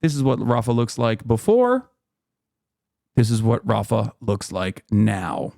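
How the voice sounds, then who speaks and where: A man's voice: mid-range voice, animated, unhurried, creaky, a little mellow. A man in his thirties hosting a livestream, explaining at length in a heated, profane way, full of fillers and restarts. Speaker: streamer host.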